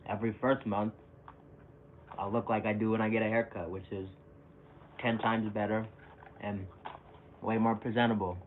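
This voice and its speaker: A young man chats live with his viewers in a low, easygoing voice, wandering from thought to thought and poking fun at himself. The sound is tinny and narrow like a phone call, with a faint hiss underneath. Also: level tone, moderate pace, pauses often. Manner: rambling, self-mocking, chuckles often and reacts to chat. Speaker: streamer. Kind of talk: casual live-stream chat.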